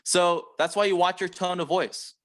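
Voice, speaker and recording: A man coaching a room of sales reps in an emphatic, repetitive way, often tagging his points with "right?". His voice sits a little higher than most men's. He speaks in a self-described aggressive manner. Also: fairly even intonation, moderate pace, a bit bright. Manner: emphatic, repeats key points, frequent "right?" tags; calls himself aggressive. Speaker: sales team trainer. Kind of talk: training talk to sales reps.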